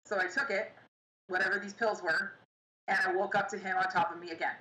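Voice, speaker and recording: Interview guest, woman, young, bright and forceful voice, halting delivery, roomy echo. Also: mid-range voice, fairly even intonation. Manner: halting, pausing often, recounting painful memories. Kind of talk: personal storytelling. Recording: echoey room with faint ambience.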